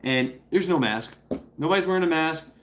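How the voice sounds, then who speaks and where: A man talking casually on a livestream, profane and rambling, stumbling over restarts and slipping into quick impressions of other people. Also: a little high, expressive, a little hiss or hum. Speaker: streamer.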